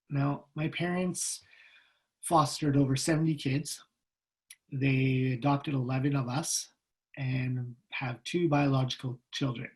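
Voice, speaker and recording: A man giving a personal storytelling talk as a guest speaker over a video call, lively and humorous, acting out the voices in his stories. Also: medium pitch, measured pace, poor audio.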